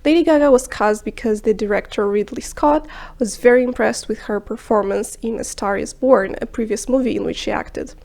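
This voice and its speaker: Reading a scripted film review for a video, a woman with a fairly high, gravelly voice explains things in a measured way. Every so often she slips into a hushed aside.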